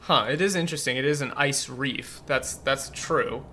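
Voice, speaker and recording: A man's voice: medium pitch, normal speed, bright, forceful tone, slight background noise. A man commenting on a game's translation in a rambling, incredulous way, full of fillers. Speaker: gameplay commentator. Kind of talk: game localization commentary.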